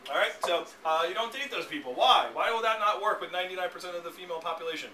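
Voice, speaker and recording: A man teaching a sales training class, talking briskly and checking in with his listeners again and again. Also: sits high, pushed and bright. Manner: brisk, keeps checking in with the room. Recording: echoey, distant, noisy room recording.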